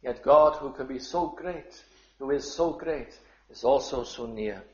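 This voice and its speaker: A man delivers a sermon at an unhurried, deliberate pace, often dropping his voice low before rising into fervent appeals. The sound is roomy and a little dull, as if taped in a church. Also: dark tone. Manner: slow and measured, building to fervent appeals. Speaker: preacher.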